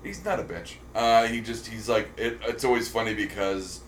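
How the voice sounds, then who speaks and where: A man's voice: on the low side, normal speed. A man co-hosting a podcast, chatting casually about films and shows, rambling with many ums and restarts. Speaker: podcast co-host. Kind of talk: casual chat. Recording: roomy echo with faint noise.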